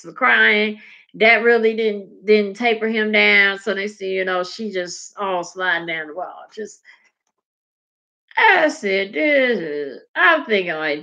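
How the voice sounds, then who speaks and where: A woman chats and tells stories, acting out the people she quotes with big swings in pitch. Her voice is bright with a gravelly edge, and the recording sounds dull and lo-fi. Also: very animated, unhurried. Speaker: podcast co-host. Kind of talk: casual comedic chat. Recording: dull lo-fi podcast audio.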